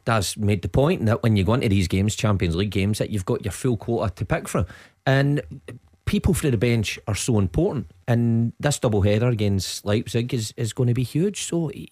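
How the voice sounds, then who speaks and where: A man's voice: mid-range voice, darkish tone, no echo. A man co-hosting a football phone-in on the radio, earnestly arguing his points. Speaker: radio co-host. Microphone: studio mic.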